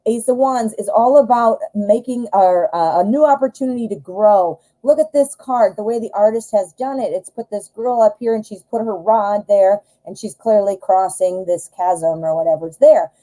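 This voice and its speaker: A woman running a live tarot reading, her voice mellow and warm. She talks in a loose, chatty way, full of fillers, and gets giddy and excitable. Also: mid-range voice, normal speed, few pauses, poor audio. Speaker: tarot reader hosting a live show.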